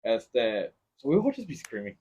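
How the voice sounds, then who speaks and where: A man hosting a podcast in casual chat, mixing English and as he tells animated stories. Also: medium pitch, moderate pace, slightly rough. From Mexico-Texas border region. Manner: switches between English and Spanish, animated storytelling. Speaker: podcast host. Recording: lo-fi podcast recording.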